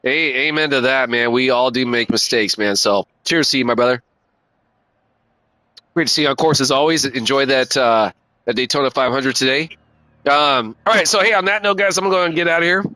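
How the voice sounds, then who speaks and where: A man chatting live on a racing game stream, loose and slangy, swearing freely and calling everyone dude and man. His voice is bright and forward, close to the mic in a dry, dead room. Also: mid-range voice, a little fast, no echo, poor audio. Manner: laid-back, slangy and profane, calls everyone dude and man. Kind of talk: casual live-stream chat.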